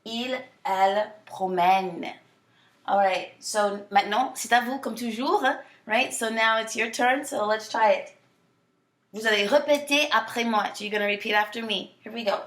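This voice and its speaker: Woman teacher walking the class thru french verbs, says each word slow, roomy echo. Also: on the high side, fairly bright tone. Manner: switches between French and English, repeats words slowly; encouraging, asks questions and answers them. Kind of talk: classroom lesson. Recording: echoey room.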